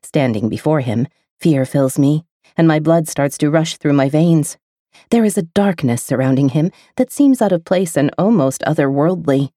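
A woman reading a first-person romance audiobook with an intimate, expressive delivery. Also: deep voice, normal speed, no echo, clean studio sound. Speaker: audiobook narrator.

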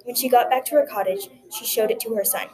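A woman telling a folktale aloud in a gentle, expressive narrating voice. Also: fairly high pitch, fast talker, low-quality recording. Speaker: storyteller. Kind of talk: folktale reading.

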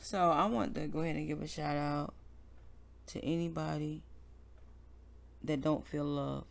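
Gravelly woman on a podcast, loud joking chat, slows right down to pray. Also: low-pitched. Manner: loud, animated banter turning to slow, soft praying. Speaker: podcast co-host. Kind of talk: casual podcast chat and spoken prayer.

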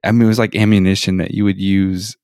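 A young man co-hosting a podcast in casual chat, speaking in a halting, self-conscious way with many restarts. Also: low voice, flat delivery, darkish tone, clear, resonant tone, dry recording, clean studio sound. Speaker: podcast co-host.

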